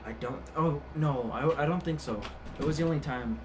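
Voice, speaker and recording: A man's voice: fairly high pitch, moderate pace, over music. A young man chatting casually on a live game stream, telling a story in a rambling way with many fillers and restarts. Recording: distant mic with background noise.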